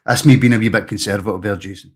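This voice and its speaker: Chatty Scottish phone-in host. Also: male voice, lowish voice, fairly even intonation, rapid-fire. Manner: chatty, agreeable, friendly to callers. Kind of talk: casual phone-in chat.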